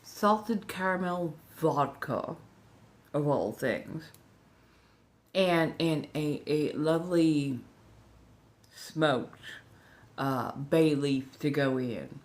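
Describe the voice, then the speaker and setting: A woman with a Southern US accent hosting a relaxed livestream chat. She talks softly, slips into whispers, and rambles with restarts while speaking without her upper denture. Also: deep voice, very slow, long pauses. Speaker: ASMR livestream host.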